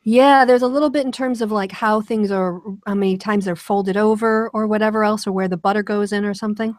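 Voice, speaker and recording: A woman's voice: mid-range voice, fairly even intonation, fairly quick, no echo. Woman from wisconsin, host, casual chat, chatty, laughs a lot, dry close sound.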